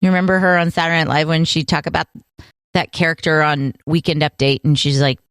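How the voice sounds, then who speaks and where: A woman's voice: low voice, quick pace, no room sound, studio quality. A woman in her thirties co-hosting a podcast, chatting casually and telling stories with acted-out voices. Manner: animated storyteller, acts out quoted voices. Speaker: podcast co-host. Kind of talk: casual chat.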